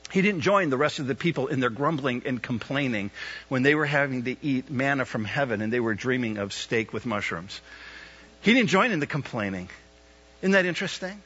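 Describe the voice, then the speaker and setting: Husky-voiced pastor in his fifties preaching. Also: mid-range voice. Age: 50s. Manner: builds to loud emphatic peaks, questions the congregation. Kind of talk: sermon. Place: church service. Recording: dull lo-fi sound.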